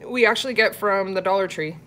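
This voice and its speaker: A woman's voice: mid-range voice, a little fast, pushed and bright. A woman from Florida chatting casually with viewers on a live cooking stream and reading their comments aloud. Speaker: cooking vlogger.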